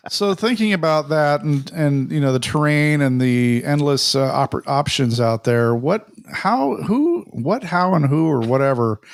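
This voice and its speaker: A man's voice: on the high side, animated, measured pace, vocal fry, few pauses, clean tone, no room sound. A man co-hosting a podcast, asking curious questions and correcting himself partway through. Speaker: podcast co-host. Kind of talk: casual podcast chat.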